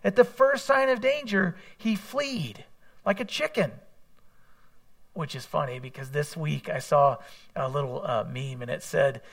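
A man's voice: on the high side, lively intonation, unhurried, vocal fry, fairly bright tone. A man preaching a sermon in a conversational way, mixing scripture with candid personal asides. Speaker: pastor.

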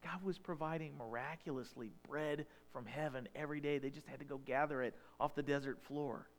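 A man's voice: fairly high pitch, fairly even intonation, a little fast. A man as a pastor, preaching a sermon and reading scripture, conversational and building to emphatic questions.

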